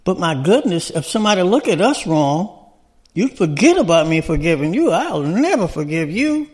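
Man, high voice, preacher, sermon, conversational, rhetorical questions. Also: very animated, moderate pace, a little mellow.

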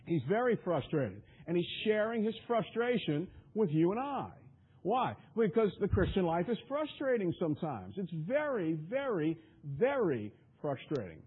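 A man's voice: high-pitched, sing-song, moderate pace, breathy edge, narrow, tinny audio. A man preaching a sermon in an emphatic, repetitive way, often stumbling over his restarts.

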